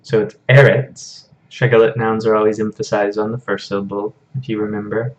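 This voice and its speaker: A man's voice: on the low side, flat delivery, a little fast, muffled recording. A man teaching a Hebrew grammar lesson over a shared screen, explaining patiently in a casual way with frequent fillers.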